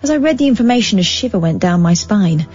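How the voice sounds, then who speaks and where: A woman's voice: medium pitch, lively intonation, quick pace, a little mellow. Woman reading a story aloud, dry asides. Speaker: radio co-host. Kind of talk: reading a magazine story aloud on talk radio. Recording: dull broadcast audio over faint music.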